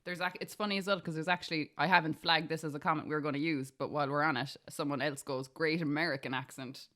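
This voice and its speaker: A woman's voice: low-pitched, steady tone, quick pace, fairly bright tone. Woman reading comments aloud, casual. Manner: reads out comments, laughs easily. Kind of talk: casual chat.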